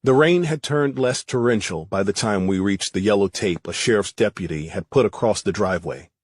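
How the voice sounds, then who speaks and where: A man reading a first-person thriller audiobook in a steady, matter-of-fact way. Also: on the low side, a little fast, no echo, clean studio sound. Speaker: audiobook narrator.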